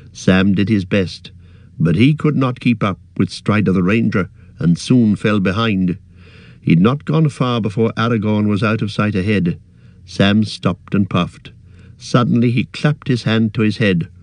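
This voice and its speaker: A man narrating an audiobook in a steady, measured storytelling manner. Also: lowish voice, no echo.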